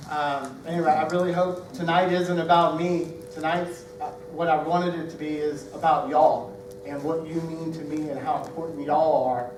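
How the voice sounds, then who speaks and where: A man in his forties from Georgia with a Southern accent gives a halting, emotional retirement speech, full of fillers and restarts. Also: fairly high pitch, noisy background. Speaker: retiring Air Force senior NCO. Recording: echoey room, mic from far off.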